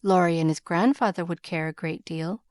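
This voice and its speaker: A woman voicing a shy, earnest young governess who speaks softly and bashfully. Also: on the low side, moderate pace, no echo, clean studio sound, lightly acted. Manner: bashful, soft.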